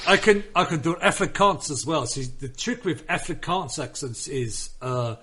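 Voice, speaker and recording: A man's voice: a little high, normal speed, few pauses, fairly bright tone, slightly rough. A man on a gaming podcast chatting casually, telling rambling, sweary stories full of restarts. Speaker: podcast panelist. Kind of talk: casual chat.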